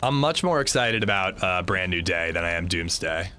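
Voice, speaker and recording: Bright, lively male game streamer. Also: deep voice, moderate pace, a little hiss or hum. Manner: rambling, swearing, lots of restarts. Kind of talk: casual chat while gaming.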